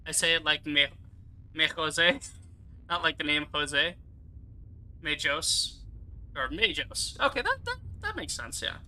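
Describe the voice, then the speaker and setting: Excitable young American gamer, bright piercing tone, rambling casual commentary. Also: male voice, a little high, moderate pace, low-quality recording. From United States. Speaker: let's play YouTuber.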